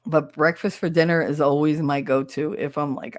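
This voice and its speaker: A middle-aged woman chats alone on her podcast in a somewhat low voice. She rambles from one memory to the next and pokes fun at herself along the way. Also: steady tone, normal speed. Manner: rambling, nostalgic and self-mocking. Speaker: podcast host. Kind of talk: casual solo chat.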